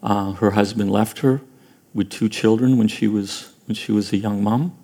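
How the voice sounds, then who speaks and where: A male pastor delivering a sermon in a low, gravelly voice. He talks earnestly and stumbles into repeated words and restarts as he builds his points. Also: steady tone, normal speed, warm tone.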